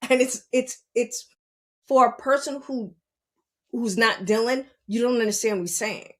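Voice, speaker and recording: A woman's voice: a little high, measured pace. A middle-aged woman talking casually on a podcast as a parent, earnest and repeating her points for emphasis. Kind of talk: casual talk.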